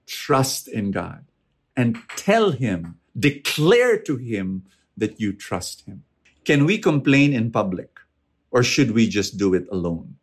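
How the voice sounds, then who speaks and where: A man's voice: mid-range voice, breathy edge. A man giving a conversational faith talk, earnest and emphatic, often repeating words as he stresses a point. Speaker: preacher answering audience questions.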